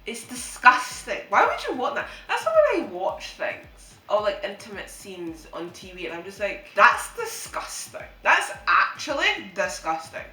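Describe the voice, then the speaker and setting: A woman's voice: mid-range voice, huge pitch swings, normal speed, hardly any pauses, pushed and bright. A young woman vlogging in a casual, jokey chat to camera, ranting about her pet peeves and swearing now and then. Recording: echoey room with faint background music.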